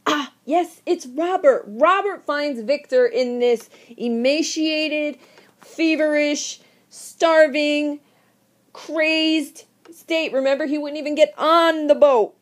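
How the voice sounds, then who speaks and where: A woman teacher lectures with theatrical energy and fires questions at her class. Her voice sits a little high and she pushes every point with emphasis. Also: slow pace. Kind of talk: recorded literature lecture.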